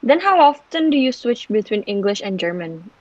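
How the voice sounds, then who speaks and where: A woman's voice: mid-range voice, sing-song, normal speed, no echo, muffled recording. A woman co-hosting a casual chat, asking short, inquisitive follow-up questions.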